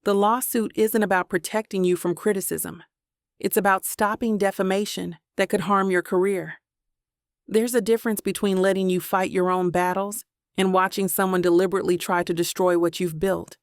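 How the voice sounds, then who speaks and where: A woman voicing a steady, wealthy young man in an audiobook romance, speaking low, firm and measured. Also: smooth, dry recording, clean studio sound, natural voice.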